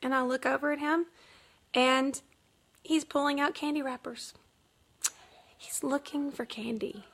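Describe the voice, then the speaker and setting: A woman's voice: high voice, steady tone, a little slow, long pauses, fairly bright tone. A woman in her thirties chatting casually to camera at home, laughing through her story with lots of fillers. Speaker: mother vlogging. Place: home, kids nearby.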